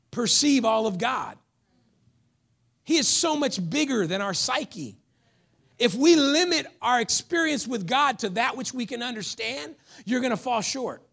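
A man preaching a sermon as pastor, animated and telling stories, now and then rising to a shout. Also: sits high. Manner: animated, storytelling, breaks into shouts.

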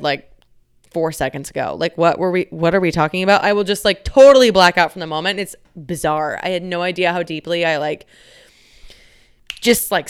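A young woman talks through a casual solo podcast episode, candid and rambling, with lots of fillers and easy swearing. Her voice sits a little low and sounds smooth and clear. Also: fairly bright tone. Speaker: podcast host.

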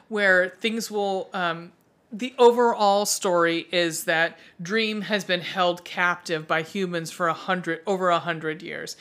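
Bright-voiced, foul-mouthed woman podcaster. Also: medium pitch. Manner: profane, enthusiastic, rambling. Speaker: podcast co-host. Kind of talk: casual podcast chat.

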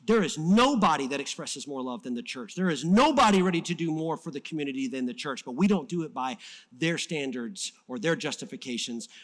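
A pastor preaching a sermon in a church, fired up and swinging between loud emphasis and soft-spoken moments. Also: male voice, mid-range voice.

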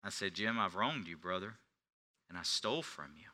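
A middle-aged male pastor preaching a sermon, telling a personal story, swinging from hushed confession to loud preaching. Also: low voice, expressive, normal speed. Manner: confessional storytelling, dropping to near whispers then rising to shouts.

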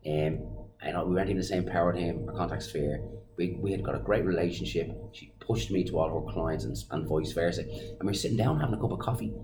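A man in his forties with an Irish accent, a podcast guest telling a story in an animated way and acting out what others said. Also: deep voice, fast talker. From Ireland. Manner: animated storyteller, acts out quoted lines. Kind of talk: casual storytelling interview. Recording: noisy background hiss.

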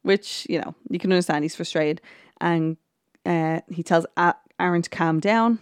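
A woman's voice: on the low side, fairly even intonation, moderate pace, smooth, no room sound, clean studio sound. A woman hosting a podcast, chatting casually through an episode recap with plenty of ums, restarts and quoted lines. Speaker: podcast host.

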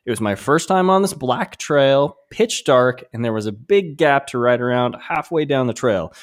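A man co-hosting a podcast, reading a listener's story aloud with animated delivery. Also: mid-range voice, moderate pace. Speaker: podcast co-host.

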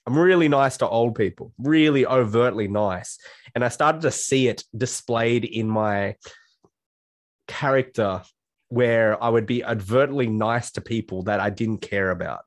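A man's voice: mid-range voice, a little slow, no room sound, studio quality. A man speaking as a guest life coach in a casual podcast conversation, blunt and swearing freely, acting out his own self-talk in quotes.

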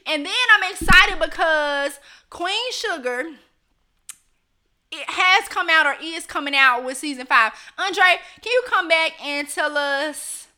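A woman with a high, very bright voice hosts a casual live stream. She chats straight to her viewers, reads out their comments and laughs easily. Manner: chatty, laughs often, talks straight to viewers.

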